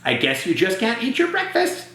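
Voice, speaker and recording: High, silly tooth fairy for a storybook, put on by a man reading aloud; lots of bounce, echoey room. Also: huge pitch swings, normal speed, sharp tone, exaggerated voice. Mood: amazed. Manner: squeaky and playful.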